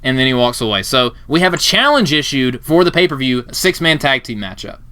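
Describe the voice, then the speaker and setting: A man hosting a podcast, casually narrating a wrestling game with jokes and loud laughs. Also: mid-range voice, a little fast, smooth. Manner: animated, jokey, laughs loudly.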